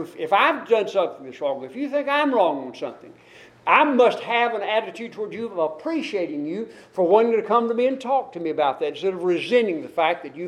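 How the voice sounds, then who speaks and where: A man's voice: sits high, low-quality recording. A man preaching a sermon to his congregation, earnestly quoting and explaining scripture. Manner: earnest, scripture-quoting, rising and falling emphasis.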